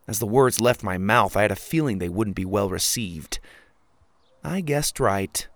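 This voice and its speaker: A man narrating a storybook in the first person with an expressive delivery. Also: on the low side, measured pace, no echo. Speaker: audiobook narrator.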